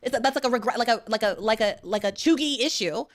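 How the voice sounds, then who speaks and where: A woman's voice: fairly high pitch, quick pace. A woman arguing in a heated political debate, talking in a passionate, emphatic way.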